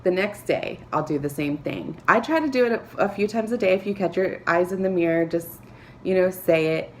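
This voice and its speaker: A woman talking to camera, giving earnest, encouraging advice with soft laughs and filler words. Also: on the low side, normal speed, a little hiss or hum. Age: adult, a parent. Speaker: vlogger. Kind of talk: motivational talk to camera.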